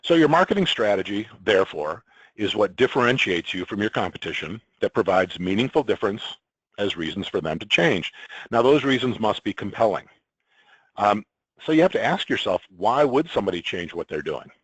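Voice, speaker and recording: Male consultant, lowish voice, measured business talk, dry close sound. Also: very animated, a bit bright, no echo, low-quality recording. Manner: measured, explanatory, with occasional ums and throat-clearing. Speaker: sales and marketing consultant presenting. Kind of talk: business presentation.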